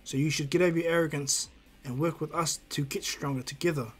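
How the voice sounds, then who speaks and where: A man voicing a blunt, quick-tempered teenage ninja boy who lectures and scolds in a bossy way. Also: a little high, steady tone, husky, faint music behind. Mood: scolding. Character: blunt hot-headed teen ninja boy.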